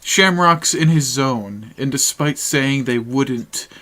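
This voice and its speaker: A man's voice: medium pitch, slow, pushed and bright. Young man reading jokey notes on a podcast. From Massachusetts. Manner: reads jokey notes, self-deprecating, laughs often. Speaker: podcast co-host. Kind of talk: casual chat.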